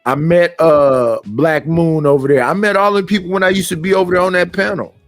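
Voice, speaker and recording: A high-pitched man in his fifties from Oakland, California, talking bluntly and rambling through a casual rant. His voice is close and dry, with faint music behind him. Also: steady tone, fairly quick, no room sound. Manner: blunt, rambling, quotes others in put-on voices. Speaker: streamer. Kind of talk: casual ranting commentary.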